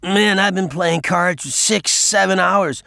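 A man voicing a brash young male card counter who talks in a loud, slurred, drunken babble. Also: medium pitch, expressive, moderate pace, no echo, clean studio sound, natural voice.

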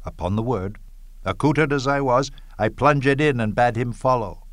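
An actor playing Cassius, a bitter, scheming Roman nobleman, reading Shakespearean verse in a measured, declamatory way with bursts of scorn. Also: mid-range voice, fairly bright tone, dry recording, studio quality, lightly acted. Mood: persuasive.

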